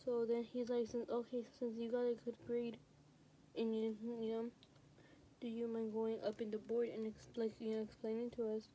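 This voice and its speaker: A woman's voice: fairly high pitch, monotone, normal speed, warm tone, a little hiss or hum. A teenage girl vlogger telling a school story in casual storytime chat, rambling with lots of fillers, recorded on a phone. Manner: rambling, heavy use of fillers like "like" and "you know". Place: home, recording while doing nails.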